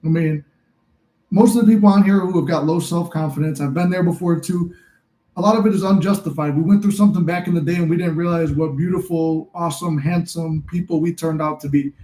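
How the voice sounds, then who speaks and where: Man, young adult, casual livestream advice, rambling and encouraging, warm mellow tone, roomy echo. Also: fairly high pitch, steady tone, a little fast. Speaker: livestream host and manifesting coach. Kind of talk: casual live-stream advice talk.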